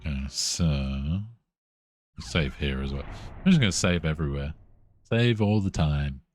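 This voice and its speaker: A man with a very deep voice streams a horror game live. He reads the on-screen text aloud and reacts with swearing and dry, self-mocking jokes. Faint game music sits behind him. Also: animated, a little slow, no echo.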